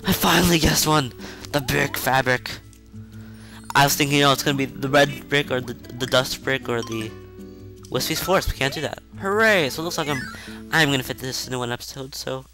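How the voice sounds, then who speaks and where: Bright-voiced man rambling over gameplay. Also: medium pitch, fast. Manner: rambling, chatty, self-mocking asides; excitable outbursts during play. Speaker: video game let's-play host. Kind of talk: casual gameplay commentary. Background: faint game music.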